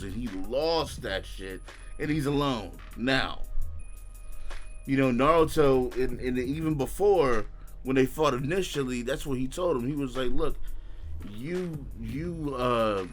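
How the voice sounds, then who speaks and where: A young man hosting an anime reaction channel, ranting casually in profane slang and breaking into shouts and laughs. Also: mid-range voice. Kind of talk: casual reaction review rant.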